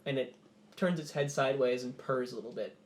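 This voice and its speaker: A man's voice: mid-range voice, brisk. A man narrating as game master in a loose, rambling way with many fillers.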